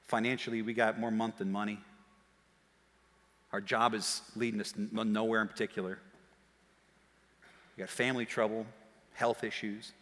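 A man preaching a sermon as pastor, telling stories in a lively way that swings from quiet asides to shouts. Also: fairly low pitch. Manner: animated storytelling, shouting and quick laughs. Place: church auditorium. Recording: long hall reverb.

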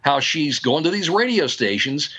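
Animated guy telling a story, higher voice, bright but a bit husky. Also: normal speed. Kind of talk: casual storytelling.

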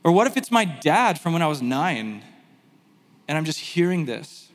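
A man teaching a sermon in a conversational, animated way, with self-deprecating asides. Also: on the high side, normal speed, big-room sound. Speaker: pastor.

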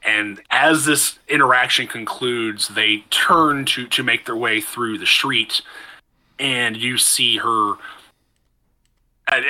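A man's voice: mid-range voice, sharp tone, low-quality recording. A man narrating as game master in a tabletop game, casual and rambling.

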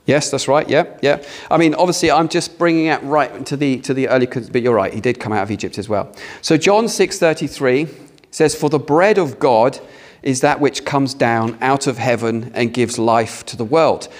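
A man's voice: medium pitch, normal speed. A British man preaching a sermon in a conversational way, asking the congregation questions. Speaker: pastor. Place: church hall with a congregation.

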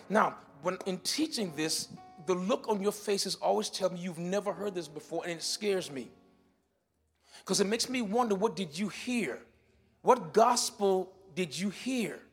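A man preaching a sermon in a church, moving between shouted declarations and quiet teaching, often repeating words as he explains. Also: high voice, breathy edge. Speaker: pastor. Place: church sanctuary.

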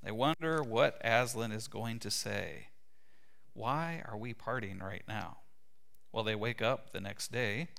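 Bright, animated male preacher. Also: fairly low pitch, unhurried, vocal fry. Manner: animated storyteller, voices quoted characters. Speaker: pastor. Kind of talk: sermon retelling a story.

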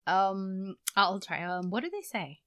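Bright-voiced playful woman podcast host. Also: medium pitch, very animated, smooth, dry recording. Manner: playful, laughing, quick asides. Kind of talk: casual chat.

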